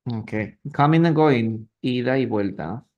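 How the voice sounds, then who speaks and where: In a live online English reading lesson, a Peruvian man patiently repeats and translates words, greets viewers, and asks his students questions. His voice sits at a medium pitch and moves unhurriedly, and the audio from his phone or computer mic sounds dull.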